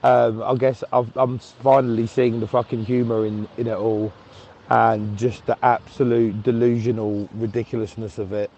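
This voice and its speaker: A man's voice: mid-range voice, level tone, normal speed, a little mellow, slight background noise. Chatty man in a muffled voice note. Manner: chatty, laughing at his own story, sweary. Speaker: listener sending a voice note. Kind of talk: casual voice note. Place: outdoors walking a dog.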